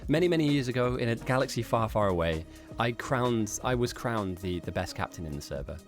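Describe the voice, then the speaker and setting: A man's voice: medium pitch, animated, fairly quick, faint music behind. A man live-streaming esports commentary, chatting casually and self-mockingly with his viewers between calls of the action. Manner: chatty, self-mocking, rambling asides to chat.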